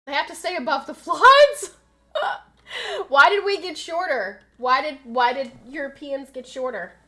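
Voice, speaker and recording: Gaming on a live stream, this young American woman talks casually, reads viewers' messages out loud, and turns loud and frantic once the action heats up in fights. She sounds high-pitched and lively, speaking in an unhurried way.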